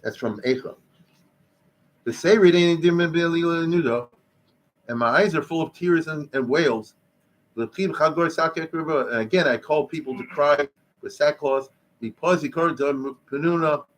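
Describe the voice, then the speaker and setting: A man's voice: on the high side, unhurried. A man, a rabbi, giving an informal history lesson in a synagogue hall, mixing in Hebrew and Yiddish words and briefly voicing the people in his stories. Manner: peppers speech with Hebrew and Yiddish terms. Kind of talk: informal lecture.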